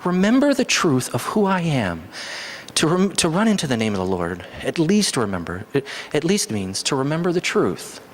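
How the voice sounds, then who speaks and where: Animated preacher in a reverberant hall. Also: male voice, normal speed. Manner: animated, rises sharply in pitch for emphasis. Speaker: pastor. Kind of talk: sermon. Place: church hall.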